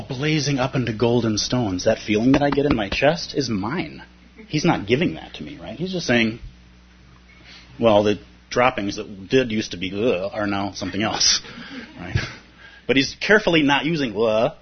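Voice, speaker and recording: A man gives a thoughtful dharma talk, musing aloud and checking in with his listeners. His voice is deeply husky and breathy, at an ordinary pitch. The recording sounds dull and lo-fi. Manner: reflective, conversational, frequent "right?". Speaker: dharma teacher.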